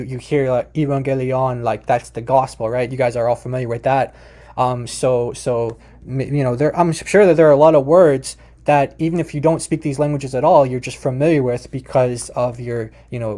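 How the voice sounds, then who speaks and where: A man's voice: mid-range voice, fairly even intonation, fairly quick, dark tone. A man teaching language in a casual, informal way, speaking directly to his viewers and often restarting his sentences. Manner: chatty and informal, addresses "you guys", frequent restarts.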